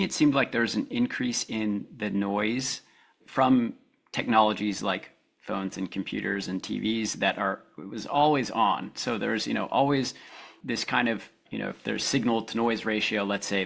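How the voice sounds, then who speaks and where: A male podcast host putting questions to his guest in a thoughtful, searching way. His voice sits low, with a gravelly fry running through it. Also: steady tone, moderate pace, a bit bright. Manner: thoughtful, searching, wondering aloud. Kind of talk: interview questions.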